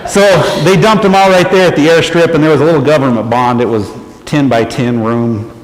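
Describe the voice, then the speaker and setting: A man's voice: medium pitch, moderate pace. Man telling a testimony in an echoey church. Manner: acts out quoted people with lively raised voice, laughs often. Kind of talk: animated storytelling testimony. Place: church sanctuary. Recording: echoey church hall, faint noise.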